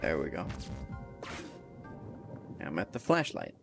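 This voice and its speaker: Let's play host, a man; low, unhurried, muttering commentary with wide pitch swings. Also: huge pitch swings, gravelly, over music. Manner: muttering thoughts while solving puzzles. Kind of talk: gameplay commentary.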